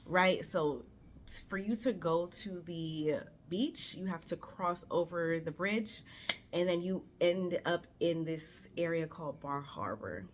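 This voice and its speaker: A woman around thirty tells a storytime vlog straight to her viewers, loose, animated and casual, cursing freely as she goes. Her voice sits a little low, with a faint hiss of noise behind it. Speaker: vlogger telling her own story.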